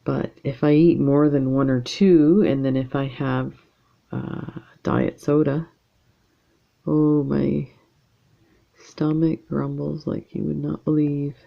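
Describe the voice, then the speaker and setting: A woman talks slowly and casually over her beading work, wandering from thought to thought with plenty of ums. Her voice has a gravelly, fried edge. The recording sounds a little dull and lo-fi. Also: low voice, little pitch movement. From Canada. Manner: rambling, chatty, lots of fillers. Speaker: beading channel host. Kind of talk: casual chat while beading.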